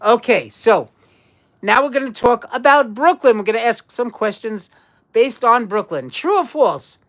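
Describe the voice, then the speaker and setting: A woman's voice: a little high, animated, measured pace. A woman hosting a casual live-stream trivia quiz, chatty and repeating herself as she talks to viewers. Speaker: livestream trivia quiz host.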